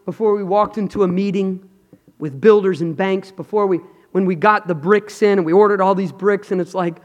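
A man preaching a sermon with passion, swinging from loud cries to hushed whispers. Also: high-pitched, steady tone, fairly quick. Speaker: pastor. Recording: long hall reverb.

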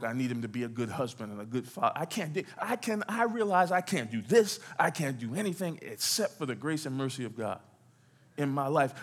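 A man's voice: medium pitch, a bit bright, husky. A middle-aged man preaching a sermon as a pastor in a church, asking the congregation questions and waiting for their answers. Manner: call-and-response preaching, asks the congregation questions. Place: church sanctuary.

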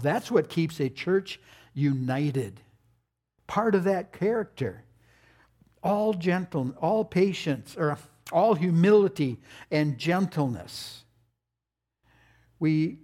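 A man's voice: on the high side, a little mellow. An older man preaching a sermon, telling folksy family stories with playful asides. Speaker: pastor.

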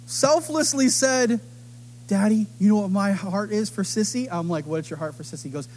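A middle-aged man preaching a sermon, telling stories with animated delivery and acting out the voices of others. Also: high-pitched, normal speed, a little hiss or hum. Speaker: pastor.

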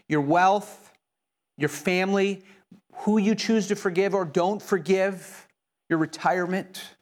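A male pastor preaching an earnest sermon in church, with frequent repeated words and restarts. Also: fairly high pitch.

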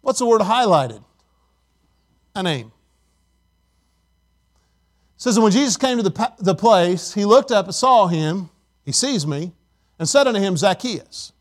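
A man's voice: high-pitched, expressive, a little slow, long pauses. A middle-aged male pastor preaching a sermon emphatically, calling on the congregation for responses.

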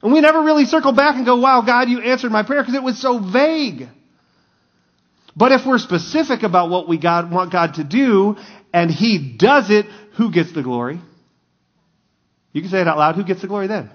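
High-voiced man preaching with stories. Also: animated, moderate pace, muffled recording. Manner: storytelling with acted-out quotes, swinging between loud and hushed. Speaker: pastor. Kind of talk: sermon.

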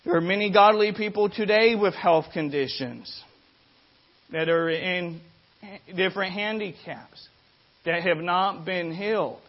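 A man's voice: high-pitched, measured pace. A man preaching a sermon, telling a story with lots of energy and often restarting and repeating words. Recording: dull lo-fi recording.

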